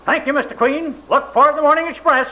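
A brash barking press photographer. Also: male voice, very high-pitched, fast talker, bright, forceful tone, highs cut off, heavily acted. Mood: brisk. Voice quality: clipped, barking commands. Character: brash pushy male newspaper crime photographer. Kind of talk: 1980s live radio comedy sketch.

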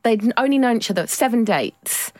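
A young woman co-hosts a podcast, teasing and giggling. Her pitch jumps around a lot as she talks, and the recording is close and dry. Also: moderate pace, no echo. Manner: playful teasing, giggly, animated. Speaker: podcast co-host. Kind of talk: casual chat.

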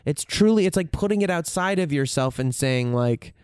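A man's voice: a little high, lively intonation, moderate pace, darkish tone, clean tone, dry recording, clean studio sound. A man in a candid, reflective monologue, swearing freely and searching for his words as he goes.

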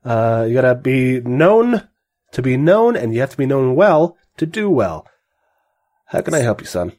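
Man playing a hearty newspaper boss, effusive and salesman-like, mid pitch. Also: big pitch swings, moderate pace, a little mellow, lightly acted. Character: booming newspaper editor man, glad-handing.

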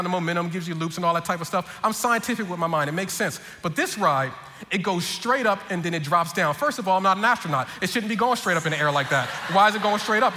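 A man preaching as pastor, telling a comic family story and acting out everyone's lines with lots of energy. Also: sits high. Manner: animated, comic, acts out voices of family. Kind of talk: humorous sermon storytelling. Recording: long hall reverb, faint ambience.

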